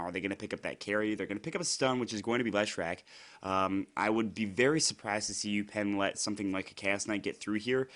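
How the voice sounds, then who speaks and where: A young man, slightly hoarse from being sick, doing solo play-by-play commentary in a chatty, rambling way with frequent fillers and self-corrections. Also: on the low side, a bit bright. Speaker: esports commentator.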